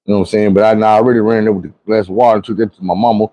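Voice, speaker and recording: A man's voice: fairly low pitch, fairly even intonation, racing, mellow, no echo, low-quality recording. A man, telling a personal story in a conversational, emphatic way. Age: 40s. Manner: conversational, emphatic, repeats "you know what I'm saying".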